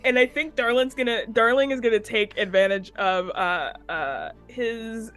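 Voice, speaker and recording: A woman's voice: fairly high pitch, normal speed, fairly bright tone, soft background music. A woman playing a tabletop game, speaking playfully and laughing often. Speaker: player.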